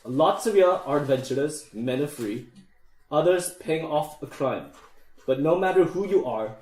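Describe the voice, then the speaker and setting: A man voicing a stern dwarf king in a put-on Scottish accent, speaking in a deep, booming way while rallying his recruits. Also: lively intonation, unhurried, a little mellow, echoey room, rough recording. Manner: deep booming oratory, lower than his own voice. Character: stern dwarf king giving a rousing speech.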